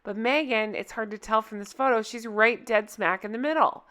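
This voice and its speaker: A woman's voice: fairly high pitch, normal speed, sharp tone, smooth. A woman hosting a casual reaction vlog, reading out posts and commenting in a sarcastic, exasperated way, often speculating aloud. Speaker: royal commentary vlogger.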